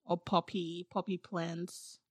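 A woman's voice: fairly low pitch, little pitch movement, slow pace, breathy edge, no room sound. A woman co-hosting a casual chat, chatty and giggly, searching for words as she explains. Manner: chatty, laughing, hesitant with fillers.

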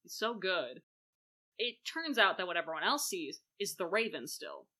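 A young woman co-hosting a casual film chat, animated and acting out lines in quick impressions. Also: lowish voice. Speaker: podcast co-host.

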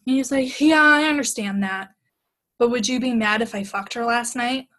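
Young woman guest, fairly high voice, lively storyteller who acts out the quotes in casual chat. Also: moderate pace, low-quality recording. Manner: animated retelling with quoted dialogue, laughs often. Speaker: podcast guest.

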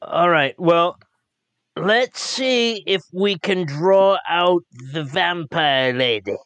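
A tabletop player talking casually in an online game, animated and stalling with strings of fillers. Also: mid-range voice, slow, no echo.

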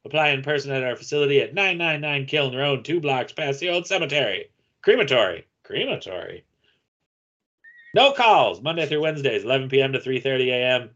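A man's voice: medium pitch, expressive, a little fast, fairly bright tone, highs cut off. A man putting on the voice of an old-timey male radio announcer, reading an ad in a grand, hammy way.

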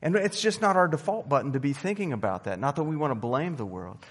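A male pastor giving a sermon in a conversational storytelling manner, swinging between loud emphasis and soft asides. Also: a little high, lively intonation, fast talker, slightly rough, big-room sound. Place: church sanctuary.

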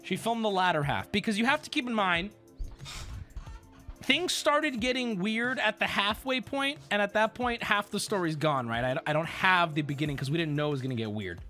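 A man in his thirties telling a rambling story as a streamer in casual chat, animated and profane. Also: high voice, moderate pace, faint music behind. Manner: rambling, animated, swears, acts out quotes.

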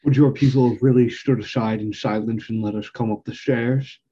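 A man's voice: mid-range voice, fairly even intonation, normal speed, warm tone, husky, lo-fi sound. A man playing in a tabletop game, chatting in a hesitant way. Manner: hesitant, restarting. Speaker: player. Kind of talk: casual chat.

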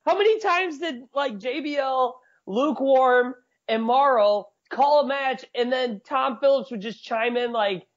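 A man's voice: very high voice, unhurried, few pauses. A man co-hosting a wrestling review podcast, chatting casually and joking about the commentators. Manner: jokey, mocks commentators in silly voices. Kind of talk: casual chat. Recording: dull lo-fi audio.

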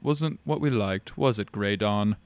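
A man voicing a calm, cruel alien creature. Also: lowish voice, a little slow, no room sound, lightly acted. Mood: calm menace. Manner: calm, matter-of-fact menace.

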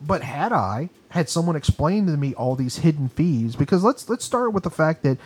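A man's voice: a little high, very animated, moderate pace, a little mellow, slightly rough. A man on a podcast in a recording studio, telling a long story as a casual rant that is agitated, profane and emphatic. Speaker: podcast co-host.

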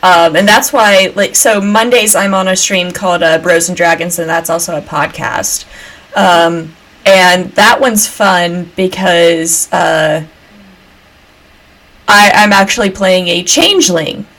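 A woman's voice: on the low side, slow, fairly bright tone, low-quality recording. Chatty woman from Georgia. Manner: chatty, many fillers. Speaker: podcast guest. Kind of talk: casual chat.

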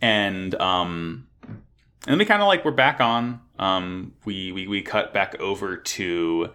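A man's voice: deep voice, slow pace, smooth. A man casually recapping an anime episode, swearing freely and acting out the characters' lines. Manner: animated, swears a lot, acts out characters' lines. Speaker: podcast co-host recapping an anime. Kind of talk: casual chat.

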